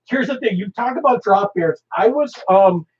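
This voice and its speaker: A man's voice: high voice, expressive, moderate pace. A man hosting a live stream, chatting casually in a rambling, joking way with frequent laughter. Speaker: host. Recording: dull lo-fi stream audio.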